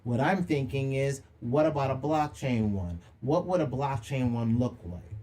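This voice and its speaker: A man's voice: mid-range voice, lively intonation, unhurried, mellow. A young man hosting a livestream monologue, preachy and slangy, firing rhetorical questions and calling people out. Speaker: livestream host.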